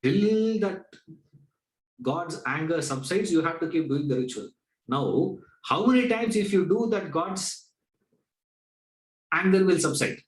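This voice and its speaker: Male vedanta teacher, fairly high voice, rhetorical, echoey room. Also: expressive, measured pace, pauses often. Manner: conversational, rhetorical questions, acts out dialogues. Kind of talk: spiritual discourse lecture.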